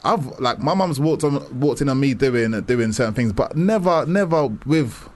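A man's voice: medium pitch, lively intonation, normal speed, a little mellow. A man co-hosting a casual radio chat, laid-back and rambling, often repeating himself. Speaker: radio co-host.

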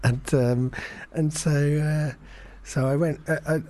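A man's voice: fairly high pitch, steady tone, unhurried, warm tone. Rambling self-deprecating man. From England. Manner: rambling, self-deprecating, many fillers and restarts. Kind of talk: casual chat, anecdote.

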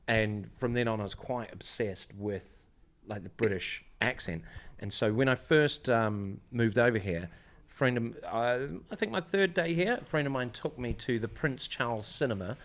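Relaxed New Zealand man chatting. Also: medium pitch, moderate pace, few pauses. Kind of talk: casual chat.

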